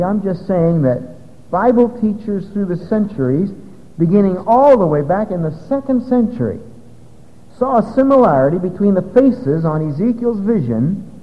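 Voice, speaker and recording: A man's voice: sits high, animated, moderate pace. A man teaching an evening Bible study to a live audience, explaining step by step in a conversational way. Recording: dull lo-fi recording with long hall reverb.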